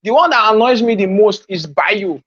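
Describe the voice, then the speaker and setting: A man's voice: high-pitched, animated, normal speed, fairly bright tone, no echo, dull audio. A Nigerian man giving an informal coaching talk on social media marketing, teasing his listeners and repeating his key points.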